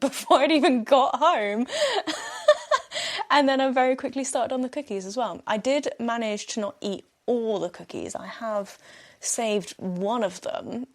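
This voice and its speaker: A young woman hosting a solo podcast, chatting casually and often breaking into giggles. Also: on the high side. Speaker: podcast host.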